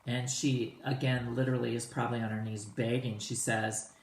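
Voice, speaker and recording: A man teaching a play to students in a casual, animated way, retelling the old lines in everyday slang. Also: mid-range voice, moderate pace, roomy sound, slight background noise, rough recording.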